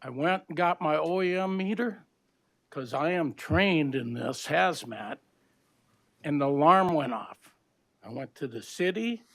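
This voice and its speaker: Older guy from minnesota griping at the county board, rough plain talk, gravelly voice. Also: fairly high pitch, expressive, a little slow. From Minnesota, USA. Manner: blunt, aggrieved, plain-spoken with rough grammar. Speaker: public commenter. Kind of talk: public comment at a county board meeting.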